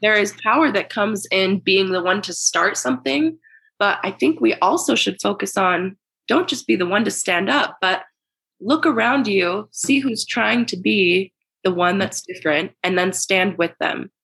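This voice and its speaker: A woman's voice: medium pitch, lively intonation, normal speed, vocal fry, a bit bright, slightly rough. A woman taking part in a book discussion podcast, answering in a thoughtful, earnest way. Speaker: discussion participant.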